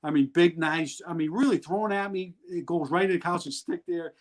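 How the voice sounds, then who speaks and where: A man's voice: on the high side, fairly quick, rough recording. Blunt, rambling middle-aged man. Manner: rambling, blunt, laughs through his stories. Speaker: guest. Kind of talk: candid storytelling in an interview.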